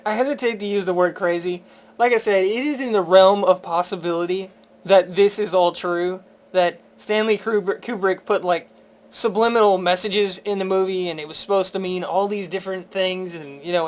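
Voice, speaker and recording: A man reviewing a film in a casual spoken rant. He sounds incredulous and profane, with stammering restarts and laughter. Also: sits high.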